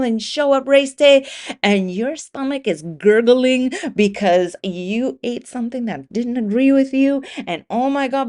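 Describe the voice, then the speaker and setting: A woman hosting a solo motivational podcast, talking casually with lots of swearing and acting out the inner voices of imagined runners. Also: a little high. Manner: animated, profane, acts out imagined racers' thoughts. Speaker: podcast host.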